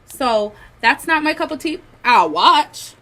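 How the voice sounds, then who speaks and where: Bright-voiced outspoken woman co-host. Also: high-pitched, big pitch swings, slow, poor audio. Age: adult with a son. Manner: outspoken, chatty, agrees a lot. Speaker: podcast co-host. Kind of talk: frank casual girl talk.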